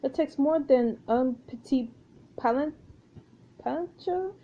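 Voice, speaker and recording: A woman's voice: high voice, takes it slowly, dark tone, dull audio, pitched above the performer's own voice. A woman voicing a swaggering, confident French pirate woman with a put-on French accent. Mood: scheming. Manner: theatrical, sly and confident.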